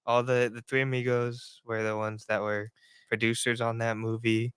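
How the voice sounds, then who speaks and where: A man co-hosting a podcast, talking eagerly in a halting, filler-heavy casual chat. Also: medium pitch, level tone, a bit bright, clear, resonant tone, no room sound, clean studio sound. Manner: enthusiastic, halting, lots of fillers. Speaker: podcast co-host.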